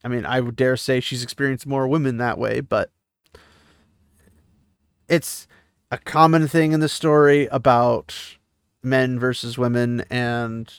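A man's voice: medium pitch, measured pace, long pauses, clean tone, no room sound, clean studio sound. A man giving a casual recap of a fantasy novel, chatty and digressive, breaking off into asides and questions. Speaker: book discussion host.

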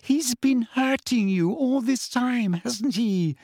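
A man voicing a frightened teenage schoolgirl witch who speaks in a shrill, anxious whisper and turns sarcastic. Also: slow pace, a little mellow, no room sound, studio quality, heavily acted.

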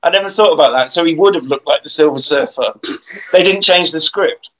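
A man with a notably high voice recaps a bad film for his co-hosts. He tells it with lively energy and plenty of casual swearing. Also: a little fast, low-quality recording. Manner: animated storytelling, swears often. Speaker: podcast co-host. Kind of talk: comic plot recap.

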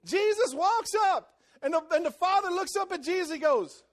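A man preaching a sermon as pastor in a church, repeating phrases for emphasis and swinging between quiet, intense passages and loud, excited ones. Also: extremely high pitch, moderate pace, few pauses.

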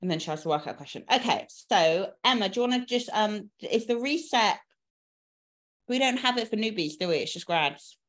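A woman co-hosting a casual fitness podcast, giving chatty, animated coaching advice. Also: mid-range voice, moderate pace. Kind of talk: casual chat.

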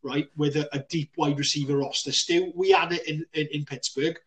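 A man co-hosting a casual sports podcast, excitable and full of banter, laughing often. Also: on the high side, fairly quick, recorded from a distance. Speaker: podcast co-host.

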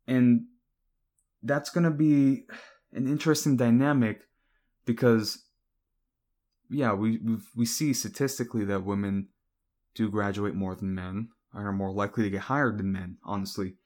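Young man, lowish voice, rambling casual monologue, halting with fillers. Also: a little mellow. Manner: rambling, hesitant, many fillers and restarts. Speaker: vlogger.

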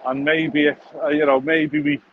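A man's voice: fairly high pitch, flat delivery, moderate pace. A man, hosting a podcast in a crude, jokey, rambling monologue full of swearing and restarts while walking outdoors on a phone mic. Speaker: podcast host. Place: outdoors, walking along a street. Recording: dull lo-fi sound with faint outdoor noise.

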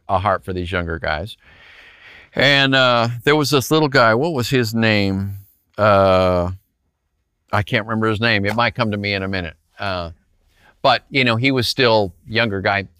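A male pastor preaches in a loose, storytelling way, his pitch swinging widely as he leans into each point. His tone is bright and forceful, and the sound is close and dry, with no room echo. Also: clean tone. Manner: animated, talks straight to listeners with frequent rhetorical "right?". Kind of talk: conversational sermon storytelling.

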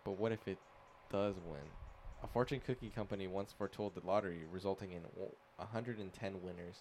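A man's voice: sits low, fairly even intonation, brisk, darkish tone, a little hiss or hum. A young man co-hosting a casual podcast, reading out odd facts with jokes and plenty of swearing. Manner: joking, swears a lot, reads facts aloud. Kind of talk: casual chat.

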